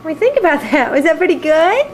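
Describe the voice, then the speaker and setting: A woman's voice: very high voice, big pitch swings, fast talker, a little hiss or hum, low-quality recording. A woman filming her babies at home on a handheld camcorder, playful and cooing, laughing often as she talks to them. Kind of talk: home video chat. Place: at home indoors.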